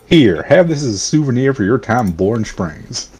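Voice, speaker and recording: A man's voice: mid-range voice, sing-song, normal speed, a little mellow, slightly rough, faint music behind. A man hosting a group game stream, chatting in an easygoing way. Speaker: stream host. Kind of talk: casual chat.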